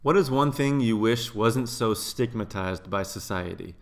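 A man's voice: on the low side, a little slow. A young man hosting a casual podcast chat, joking loosely and swearing freely. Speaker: podcast host.

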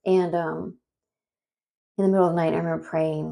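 This gravelly, low-voiced woman in her thirties talks quickly as she shares something that happened to her. She wanders off on asides, leans on lots of fillers, and stays animated throughout.

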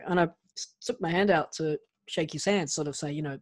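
A man being interviewed as a guest, telling stories in a lively way and often restarting his sentences. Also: a little high, a little fast, dry recording. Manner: animated anecdote-telling with frequent restarts. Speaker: guest, actor and pro wrestler. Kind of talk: casual interview storytelling.

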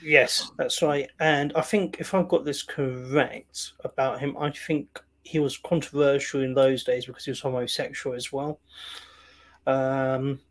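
A man's voice: medium pitch, steady tone, unhurried. A man co-hosting a casual film chat, rambling with lots of fillers. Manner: rambling, many fillers like "you know", laughs easily.

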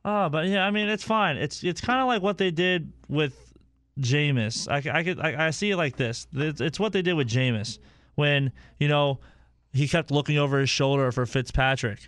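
Guy hosting sports radio, goofy and rambly, smooth voice, dry studio. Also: fairly high pitch, a bit bright, no echo. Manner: rapid, jokey, rambling with restarts. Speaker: sports radio show host. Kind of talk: casual sports talk radio.

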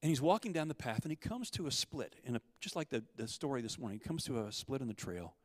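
A man preaching, telling a parable and acting out the quotes, with swings between loud urgency and hushed softness. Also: mid-range voice, expressive, fast, dry recording, in a large hall. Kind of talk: sermon storytelling.

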